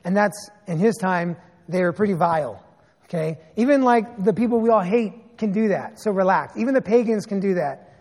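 Here a pastor in his thirties, his pitch fairly high, delivers a sermon at an ordinary pace. He spins his stories animatedly and drops sarcastic comments along the way, while a long church-hall reverb trails his voice.

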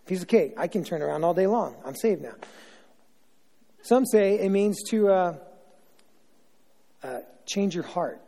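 A man's voice: sits high, lively intonation, a little slow, pauses often, warm tone. A middle-aged male pastor giving an informal, joking sermon, chatty and full of asides and self-interruptions. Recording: long reverb of a large hall.

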